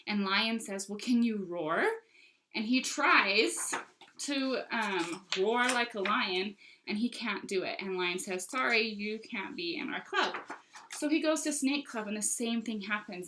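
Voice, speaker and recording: Young woman, book seller vlog, gushing and upbeat, brilliant tone, a touch high. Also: fairly bright tone, slight background noise, low-quality recording. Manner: gushing, enthusiastic. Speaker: book consultant showing books. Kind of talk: casual product show-and-tell.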